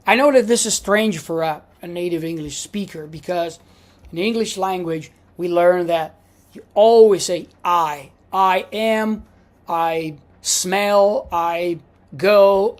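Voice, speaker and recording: Lady teacher lecturing, super unhurried, repeats stuff patiently. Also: lowish voice. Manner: patient, repeats examples slowly. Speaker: language teacher. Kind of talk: classroom lecture.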